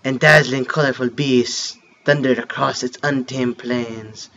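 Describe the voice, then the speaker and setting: A man voicing a solemn creature telling a creation myth, in a hushed, dramatic delivery with a mock French accent. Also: mid-range voice, steady tone, measured pace, vocal fry, highs cut off, slight background noise, pitched below the performer's own voice. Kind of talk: reading game text aloud.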